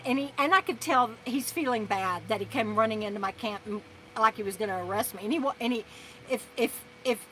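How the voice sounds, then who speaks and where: A woman hosting a casual live stream, telling stories in an animated way, laughing often and stumbling through restarts as she thanks her viewers. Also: a little high, slight background noise, rough recording. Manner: halting with repeated restarts.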